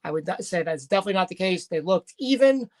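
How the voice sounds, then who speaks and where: A woman's voice: lowish voice, lively intonation, fast talker. A woman casually recapping a wrestling show, chatty and rambling with frequent fillers and restarts.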